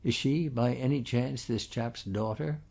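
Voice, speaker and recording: A politely inquisitive newcomer asks about the locals, as a man reading puts him on. The voice is low-toned, husky and gravelly. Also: unhurried, darkish tone. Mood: curious.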